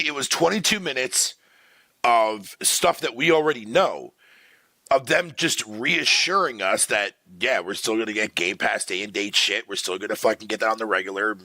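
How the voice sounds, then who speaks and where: A man's voice: on the low side, sharp tone, dry recording. A man streaming live, ranting profanely to his chat in a casual, exasperated way. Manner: talks to chat viewers by name.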